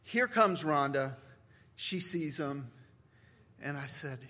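A man in his fifties, a pastor preaching a sermon with humorous stories, swinging between loud punchlines and hushed reflection. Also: medium pitch, measured pace, long pauses.

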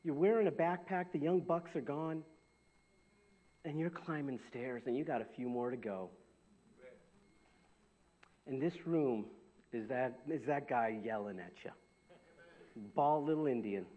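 A man's voice: mid-range voice, a little slow, long pauses. A man preaching a sermon as pastor, telling stories with lots of restarts and repetition. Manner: animated storytelling with repetitions. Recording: dull lo-fi sound.

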